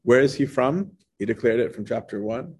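A man's voice: medium pitch, lively intonation, moderate pace, a little mellow, a little hiss or hum. A man leading a casual Bible study, talking it through conversationally and checking in with his listeners by asking "right?". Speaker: Bible teacher.

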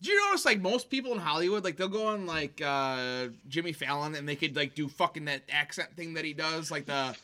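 A man's voice: a little high, animated, brisk, hardly any pauses, sharp tone. A man hosting a podcast in blunt, crude, casual banter, often chiming in. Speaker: podcast host.

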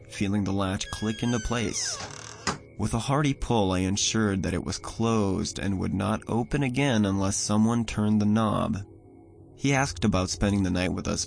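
A man narrating a first-person horror story in a measured, somber way. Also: on the low side, vocal fry. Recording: voice over soft music.

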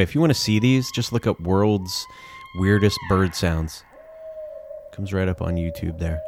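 A man's voice: on the low side, gravelly, noisy background. A man giving casual reaction commentary on bird sounds, joking, exclaiming and swearing.

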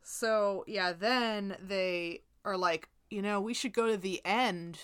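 A woman in casual chat, recapping a movie, loose and relaxed with some swearing. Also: mid-range voice, slow pace, smooth, no room sound, studio quality. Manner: casual, swears, agrees often.

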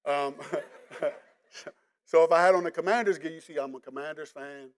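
High-voiced preacher with a DC-area accent. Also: male voice, moderate pace, clear, resonant tone. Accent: Washington DC area. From Washington DC area. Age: middle-aged. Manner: casual, joking, talks straight to the congregation. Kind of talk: conversational sermon.

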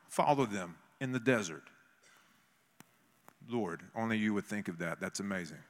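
A man preaching a sermon in an animated way, acting out voices from scripture. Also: lowish voice, normal speed, pauses often. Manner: animated, acts out biblical voices. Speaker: pastor. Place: church meeting in a gym. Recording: long hall reverb.

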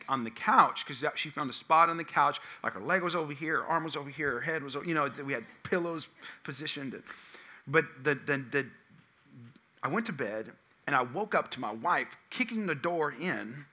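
A young man preaching a sermon, telling a personal story and swinging between loud acted quotes and hushed tones. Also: medium pitch. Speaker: pastor.

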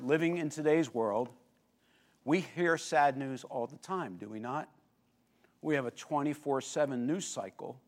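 A man preaching a sermon, telling the story vividly, swinging between lively emphasis and hushed, intense moments and asking the listeners questions. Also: on the high side. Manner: animated storytelling with sudden drops to quiet intensity. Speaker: pastor.

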